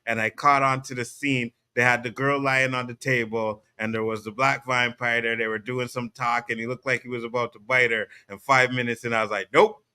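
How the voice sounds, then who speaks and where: A man hosting a relaxed roundtable show, with a bright, forceful tone and a blunt, profane way of talking. He laughs often and keeps the conversation moving, his voice landing at a middle pitch for a man. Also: a little fast, hardly any pauses, clean tone. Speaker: podcast host. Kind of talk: casual roundtable chat.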